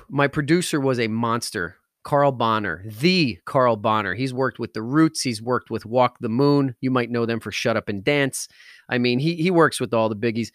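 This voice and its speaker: A man hosting a podcast in an energetic, slangy motivational talk style, hyped and enthusiastic. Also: medium pitch, moderate pace, no echo, studio quality. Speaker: podcast host.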